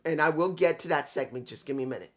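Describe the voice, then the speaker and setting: A man's voice: a little high, fast talker, a bit bright. A man reviewing a wrestling show in a casual, rambling way, with some swearing and restarts.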